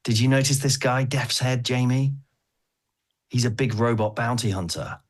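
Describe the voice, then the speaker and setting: A man's voice: medium pitch, fairly even intonation, normal speed. A man hosting a casual podcast chat about comics, enthusiastic and laughing often. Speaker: podcast host.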